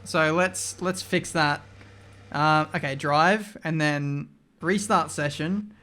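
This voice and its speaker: Excitable man commentating a race game. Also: a little high, slow pace. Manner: chatty, excitable, swears mildly. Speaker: gaming video creator. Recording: game music behind voice.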